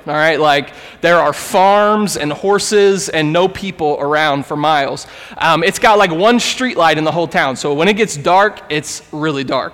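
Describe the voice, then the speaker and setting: A man's voice: on the high side, a bit bright. A man in his thirties preaching a sermon, praying earnestly and then telling a story in a casual, conversational way. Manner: earnest, conversational, acts out quoted voices. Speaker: pastor. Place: church sanctuary. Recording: long reverb of a large hall.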